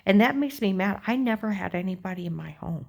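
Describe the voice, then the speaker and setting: A woman's voice: medium pitch, animated, fairly quick, creaky. A woman talking in a rambling, agitated personal monologue, full of fillers and repeated check-ins. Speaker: vlogger.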